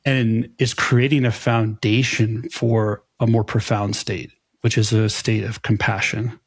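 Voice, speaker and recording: A man's voice: lowish voice, little pitch movement, unhurried, breathy edge, no room sound, studio quality. A man co-hosting a podcast, speaking reflectively and searching for words, often restarting his phrases. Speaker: podcast co-host. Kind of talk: casual podcast conversation.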